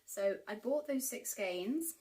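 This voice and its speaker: A woman's voice: fairly high pitch, animated, slow pace, a little mellow. Chatty woman vlogging from a distance. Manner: chatty and enthusiastic, with frequent ums and likes. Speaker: knitting vlogger. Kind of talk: casual haul chat to camera. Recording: voice picked up from a distance.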